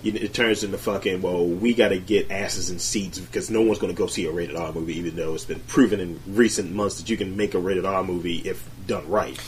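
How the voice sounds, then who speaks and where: A man's voice: low-pitched, fairly even intonation, brisk, hardly any pauses, poor audio. A man in casual chat, rambling and swearing heavily as he talks.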